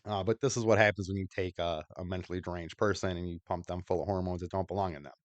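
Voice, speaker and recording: A man's voice: sits low, fairly even intonation, quick pace, no room sound, lo-fi sound. A man hosting a podcast, talking bluntly and crudely in casual commentary over video clips. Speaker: podcast host.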